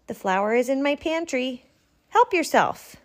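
A woman voicing a kind, generous female porcupine in a storybook, in a bright, friendly, lilting voice. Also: high-pitched, very animated, unhurried, voice pushed up.

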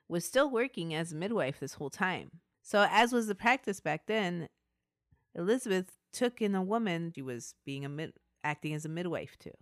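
Low-voiced woman telling a true-crime story. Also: no echo, clean studio sound. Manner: chatty narration with asides and laughter. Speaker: podcast host.

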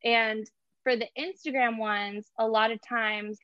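Young woman guest, chatty, quick laughs, fairly high voice, slightly muffled dry recording. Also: steady tone, no echo. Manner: chatty, laughs often, many "like" and "you know" fillers. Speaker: guest, artist and small business owner. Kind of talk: casual interview chat.

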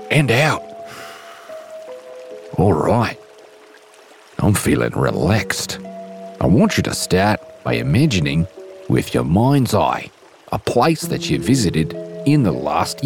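A man with a put-on Australian accent, playfully leading a slow, soothing guided imagination exercise as a podcast host. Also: deep voice. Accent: put-on Australian/New Zealand. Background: music and trickling stream sounds.

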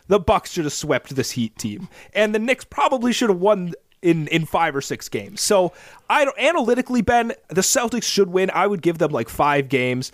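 A man co-hosting a casual basketball podcast, talking in an animated, dramatic way as he builds up his points. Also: on the high side, no room sound, studio quality. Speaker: podcast co-host.

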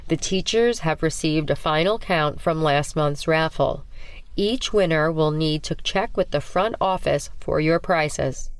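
A woman voicing a school principal who makes a flat, monotone announcement in a storybook. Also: mid-range voice, measured pace, clean tone, no room sound, lightly acted.

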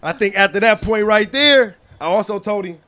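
A man telling an animated, profane story in casual slangy street talk as a guest, often asking "you know what I'm saying". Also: high voice, moderate pace. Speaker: battle rapper.

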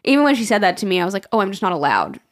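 A woman's voice: mid-range voice, wildly swooping pitch, racing. Chatty young woman telling a story. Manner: chatty storytelling, frequent swearing and laughing. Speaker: podcast co-host. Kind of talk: casual chat.

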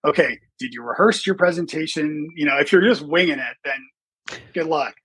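Husky, bright-toned man explaining. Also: a little high, normal speed, no room sound, rough recording. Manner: relaxed, many ums and uhs, explanatory. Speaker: podcast guest, presentation trainer. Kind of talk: casual podcast conversation.

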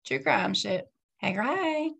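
A woman's voice: medium pitch, a little slow, vocal fry, breathy edge. A woman co-hosting a true crime podcast, telling a story casually with lots of laughs and swearing. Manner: laughing, profane, animated storyteller. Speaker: podcast co-host.

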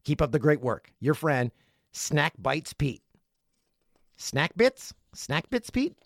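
A man's voice: a little high, slow pace, gravelly, dry recording. A middle-aged man hosting a podcast from his home studio, reading listener messages aloud in a playful, joking way. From Canada. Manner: playful, jokey, lively delivery. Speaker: podcast host.

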